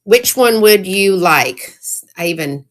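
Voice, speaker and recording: A woman chats her way through a live-stream sale, calling out viewers by name. She talks in an unhurried way, gets excited easily, and her voice sits at a middle pitch. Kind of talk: casual live-stream selling chat.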